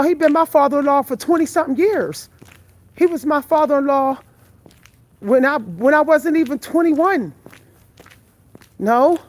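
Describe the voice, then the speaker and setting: A tired, out-of-breath woman in her forties talks bluntly and profanely to her viewers while walking outdoors at night, filming on a phone. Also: sits high. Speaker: vlogger. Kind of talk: live vlog while walking. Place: outdoors on a night street walk.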